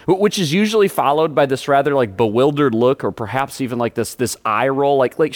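A man's voice: medium pitch, brisk, hardly any pauses. A man preaching a sermon as pastor, often stammering and repeating words.

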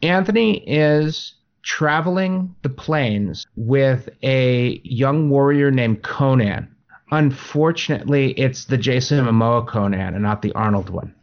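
A man co-hosting a relaxed chat about tabletop gaming, circling back over his words and laughing often. His voice sits at an ordinary middle pitch. The sound is a little dull and lo-fi. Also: unhurried. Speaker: podcast co-host.

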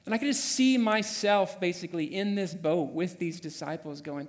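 A man preaching a sermon, telling a personal story with lively acted-out quotes. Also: sits high, moderate pace, long reverb tail. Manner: animated storyteller, acts out quoted voices. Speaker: pastor. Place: church sanctuary.

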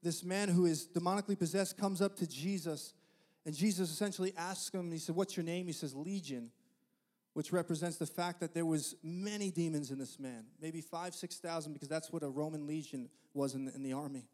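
High-voiced male preacher in a reverberant hall. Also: fairly even intonation, brisk, darkish tone. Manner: impassioned preaching, repeats phrases for emphasis. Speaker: pastor. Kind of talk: sermon. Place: church sanctuary.

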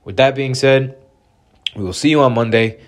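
A man's voice: medium pitch, normal speed. A man hosting a podcast, a little sick, reading a show announcement in an upbeat promotional tone. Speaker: podcast host.

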